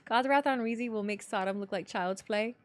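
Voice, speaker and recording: Brief: woman doing a mock prophet of doom, grandly solemn, high and loud, slow, dry sound. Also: no room sound, lightly acted. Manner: booming, solemn, old-fashioned scriptural phrasing. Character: grandiose doom-preaching prophet foretelling plagues.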